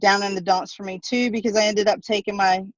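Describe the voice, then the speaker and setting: A woman sharing a personal story on a video call, hesitant and soft-spoken. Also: medium pitch, fairly even intonation, fairly quick, no room sound. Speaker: team member. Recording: dull, dry video call audio.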